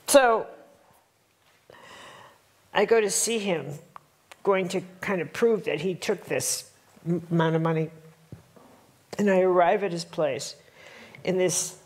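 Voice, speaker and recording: Animated woman teaching a workshop. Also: on the low side, takes it slowly, pauses often. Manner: animated, storytelling, addresses audience with rhetorical checks. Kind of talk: live workshop talk. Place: workshop room before a live audience.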